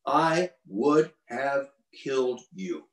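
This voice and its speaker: A man voicing a huge, stern male warrior angel making slow, grave pronouncements, heard from a distant mic in a roomy space. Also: mid-range voice, lively intonation.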